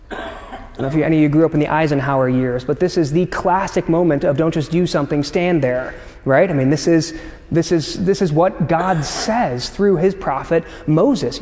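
A man's voice: fairly high pitch, normal speed, a little mellow, in a large hall. A man preaching a sermon in a conversational way, often stumbling over repeated words and asking "right?". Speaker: pastor.

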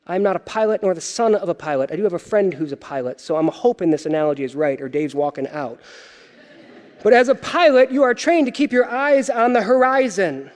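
A man preaching a sermon as pastor, animated and wry, with joking asides to the congregation. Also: sits high, brisk, in a large hall.

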